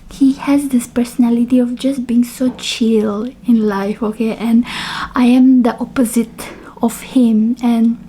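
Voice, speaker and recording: A young woman vlogging at home, telling a personal story in a chatty, animated way, with fillers and quiet whispered asides. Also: a little high, slight background noise. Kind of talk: casual storytelling.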